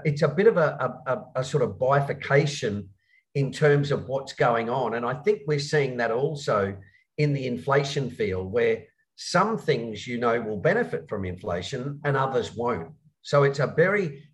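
A man taking questions about markets, laying out his points patiently. He teaches investing, and his talk is full of pauses and restarted phrases as he works through each idea. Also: mid-range voice, expressive, rough recording. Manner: explanatory, frequent hesitations and restarts. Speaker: investment educator. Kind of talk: interview answers on markets.

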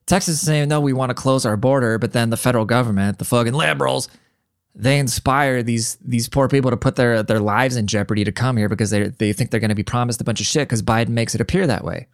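A man's voice: medium pitch, quick pace, no echo, studio quality. A man hosting his own podcast, ranting bluntly and profanely in casual commentary. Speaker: podcast host.

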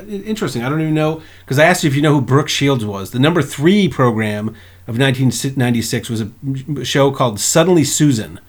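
Profane rambling man chatting casually. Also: mid-range voice. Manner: profane, rambling, acts out movie scenes with loud voices. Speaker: podcast co-host. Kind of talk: casual chat.

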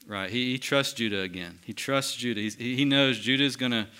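Bright, clear-voiced man teaching a Bible study. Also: medium pitch, a little fast. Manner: asks the group questions and affirms answers; conversational with restarts.

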